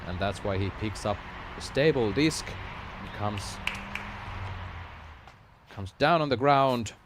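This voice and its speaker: A man doing live play-by-play commentary for a sports broadcast, calm and measured with sudden excited rises. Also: fairly low pitch, noisy background.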